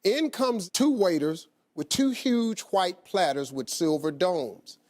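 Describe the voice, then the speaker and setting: A middle-aged man, a talk show host, telling a heartfelt personal story in an animated way. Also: high-pitched, takes it slowly. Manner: animated storyteller, acts out quoted voices.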